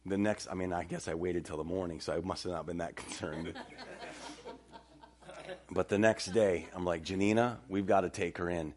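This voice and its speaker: A man's voice: low voice, moderate pace, long pauses. A middle-aged man preaching a sermon as pastor, telling stories with animation and joking with the congregation. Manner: animated storytelling, banter with the congregation.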